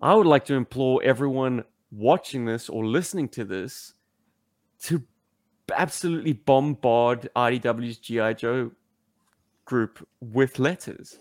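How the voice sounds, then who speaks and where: A man co-hosting a podcast in casual chat, mixing wry teasing with an earnest appeal to listeners. He laughs often. His voice sits at an ordinary pitch and sounds dry and close, with no room around it. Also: unhurried, no echo. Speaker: podcast co-host.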